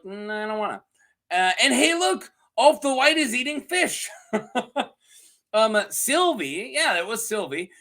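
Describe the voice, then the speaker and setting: A TV show reviewer with a sharp voice that sits high casually recaps an episode from a script. He's giggly and joking, laughing often and filling his talk with ums and asides.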